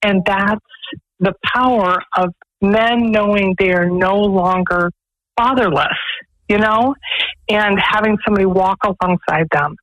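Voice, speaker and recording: An earnest woman tells stories as a radio interview guest. She leads a faith-based pregnancy center and talks in an animated, storytelling way. The studio sound is dry and close. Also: medium pitch, unhurried, no room sound, low-quality recording. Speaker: executive director of a pregnancy resource center.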